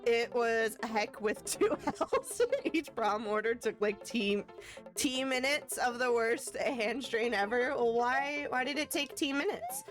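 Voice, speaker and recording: A woman's voice: on the high side, animated, unhurried, soft background music. A woman live-streaming a video game, chatting with her viewers and shrieking at close calls. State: tired after work.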